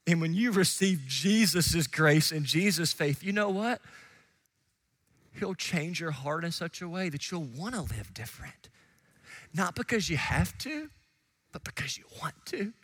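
A man preaching a sermon as pastor, swinging from hushed asides to shouted emphasis and quickly acting out the voices of listeners. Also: fairly high pitch, animated. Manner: acts out listeners and biblical figures in quick quoted asides.

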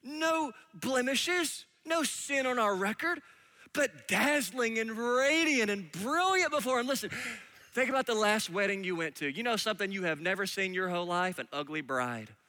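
A male preacher delivering a sermon, animated and emphatic, dropping now and then into soft, hushed asides. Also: high voice, normal speed.

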